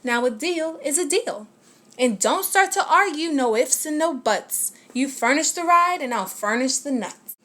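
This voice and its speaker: A woman's voice: high voice, expressive, measured pace, a bit bright, pitched above the performer's own voice. A woman voicing a small, greedy, bossy male beetle in a storybook read-aloud, snapping orders and gloating.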